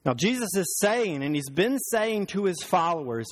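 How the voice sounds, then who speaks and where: A male pastor preaching a sermon, telling stories and slowing down for emphasis. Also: high voice, big pitch swings. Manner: storytelling, slows for emphasis. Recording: long hall reverb.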